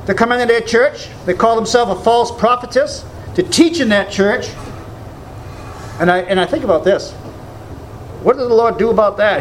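A man's voice: high-pitched, slight background noise. A man preaching a sermon, emphatic, quoting scripture and asking rhetorical questions. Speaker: pastor.

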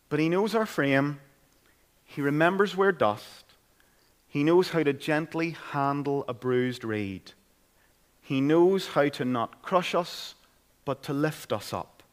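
A man's voice: a little high, a bit bright. Earnest Northern Irish preacher man. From Northern Ireland. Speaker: pastor. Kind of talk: sermon. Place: church.

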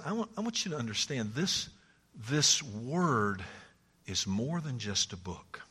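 A male pastor preaching a sermon, moving from loud, climbing declarations to hushed near-whispers and folksy stories. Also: mid-range voice, breathy edge, in a large hall.

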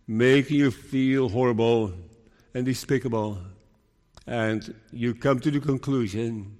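A man preaching a sermon in a slow, earnest way, sometimes voicing the worries of troubled believers. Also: medium pitch, mellow. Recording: long reverb of a hall.

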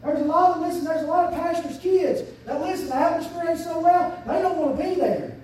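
Shouting preacher in an echoey church. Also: male voice, a little fast, slight background noise. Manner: fervent preaching, surging to shouts and dropping low. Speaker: pastor. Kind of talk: sermon. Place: church sanctuary. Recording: very echoey church sanctuary, mic at a distance.

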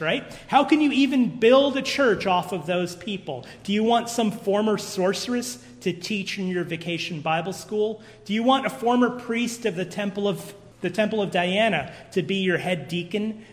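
A man preaching an expository sermon, earnest and emphatic, posing rhetorical questions to his congregation in a church. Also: high voice. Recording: long reverb of a large hall.

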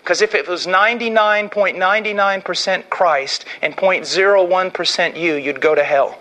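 Fervent high-voiced male preacher. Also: moderate pace. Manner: fervent, swings from hushed to shouting. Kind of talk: impassioned sermon.

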